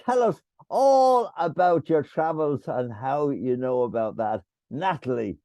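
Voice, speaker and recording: A man's voice: lively intonation, measured pace, dark tone, no room sound. Theatrical older Irishman hosting a meeting. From Ireland. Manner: theatrical, booming, teasing the audience. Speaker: meeting host.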